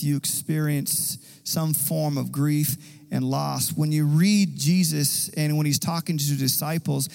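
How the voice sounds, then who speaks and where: A man's voice: on the high side, gravelly, darkish tone, long reverb tail, low-quality recording. A man preaching a sermon as pastor, earnest and conversational.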